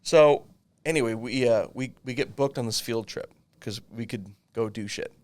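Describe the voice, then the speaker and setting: A man in his thirties telling a long personal story in casual chat, animated and swearing freely. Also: mid-range voice, normal speed. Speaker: podcast co-host.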